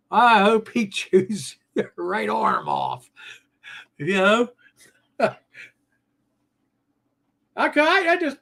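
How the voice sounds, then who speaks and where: Slow, lively retired train-show host. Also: medium pitch. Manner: easygoing, laughs often while talking. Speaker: host of a live model train chat show. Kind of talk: casual live-stream chat reacting to viewer comments.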